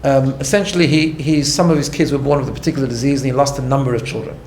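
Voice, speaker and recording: His medium-pitched, darkish voice moves very fast with fairly even intonation as he teaches an informal class as a rabbi in a study hall. He speaks emphatically and conversationally, often restarting and checking in with "right?" Echo and faint hum are audible.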